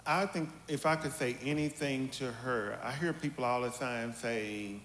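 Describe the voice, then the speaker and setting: A middle-aged man, telling candid family stories on a church panel and acting out his mother's voice with lively quotes. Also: medium pitch, moderate pace, a little hiss or hum. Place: church hall. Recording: echoey hall with faint ambience.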